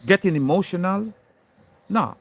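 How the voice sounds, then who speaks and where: Man, slow deliberate delivery, higher-pitched voice, preachy impassioned monologue, emphatic and insistent. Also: lively intonation, gravelly. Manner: emphatic and insistent, stressing single words; preachy, addressing an unseen critic directly. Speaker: monologuing speaker.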